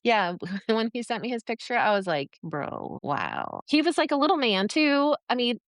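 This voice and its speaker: A woman's voice: on the high side, brisk, no room sound, clean studio sound. Sarcastic, swearing woman from New York. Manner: profane, blunt, sarcastic. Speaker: podcast co-host. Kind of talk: candid casual chat.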